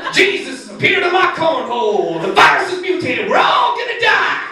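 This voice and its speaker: Animated man doing standup in an echoey brewery. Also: normal speed, crowd noise. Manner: animated, swings to high shouted voices for punchlines. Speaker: standup comedian. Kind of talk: standup comedy set. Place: brewery stage, live audience. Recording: echoey room recording from a distance, noisy.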